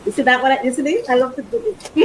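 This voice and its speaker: A woman's voice: high-pitched, big pitch swings, quick pace, a little hiss or hum, rough recording. A woman hosting her own podcast, chatting casually and bubbly as she unboxes a product, laughing often. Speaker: podcast host.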